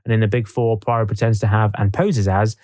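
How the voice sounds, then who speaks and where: A man's voice: lowish voice, little pitch movement, brisk, a little mellow, no echo. A man co-hosting a podcast, reading from notes in a dry, casual way. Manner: reads from notes, dry, laughs easily. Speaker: podcast co-host.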